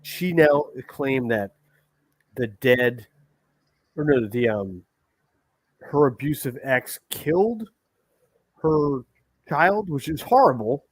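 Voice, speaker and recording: A man's voice: mid-range voice, animated, takes it slowly, long pauses, no room sound. A man hosting a livestream, ranting in a heated, profane and rambling way. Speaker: livestream host.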